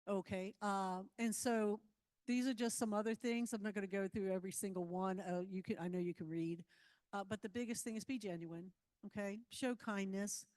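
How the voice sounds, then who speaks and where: A woman leads a live training session for volunteer security staff, moving through slides one by one. Her delivery is loose and conversational, with plenty of fillers and frequent check-ins with her listeners. Her voice sits at an average pitch. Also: steady tone, moderate pace, a little mellow, big-room sound. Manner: loose, filler-heavy phrasing.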